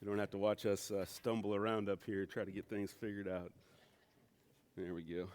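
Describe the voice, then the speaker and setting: A man in his forties preaching a casual sermon in a church, telling stories in a relaxed, self-deprecating way with plenty of fillers. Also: fairly low pitch, normal speed. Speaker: pastor. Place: church sanctuary.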